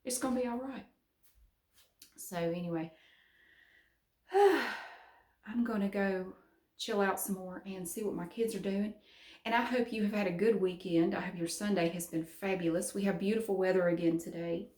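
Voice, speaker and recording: A woman's voice: lowish voice, fairly even intonation, brisk, a little mellow. A middle-aged woman from the American South with a Southern accent, chatting casually in a vlog and laughing often. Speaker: vlogger. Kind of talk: casual chat. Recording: roomy echo.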